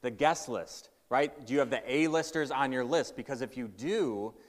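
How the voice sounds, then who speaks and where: A man's voice: mid-range voice, normal speed. Man preaching in a reverberant hall. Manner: emphatic storytelling, varying pace. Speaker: pastor. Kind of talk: sermon.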